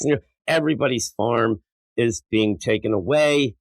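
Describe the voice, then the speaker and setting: A man's voice: on the low side, normal speed, no room sound. A man hosting a casual comic book podcast, rambling and profane, and acting out characters' lines as he goes. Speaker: podcast host.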